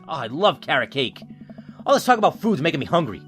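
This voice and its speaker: Lively male game commentator, reads narration, jokey, faint music. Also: on the high side, fast talker. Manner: jokey, emotional, reads aloud. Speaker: gaming YouTuber. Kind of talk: let's play commentary and narration.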